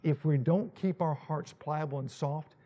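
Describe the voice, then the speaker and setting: A male pastor preaching a dramatic, animated sermon and acting out Bible scenes. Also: fairly high pitch, measured pace, highs cut off.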